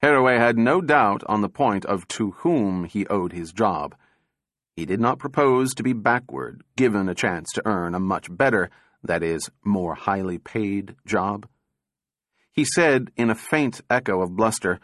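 A man narrating an audiobook story in a measured, even way. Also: on the low side, dry recording, clean studio sound.

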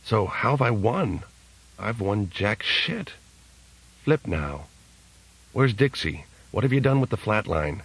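A man's voice: on the low side, expressive, takes it slowly, pauses often, husky, exaggerated voice, poor audio. A man voicing an angry young hacker. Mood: bitter. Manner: blunt, profane, urgent. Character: hardened young male hacker, tense and angry. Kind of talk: audiobook character reading.

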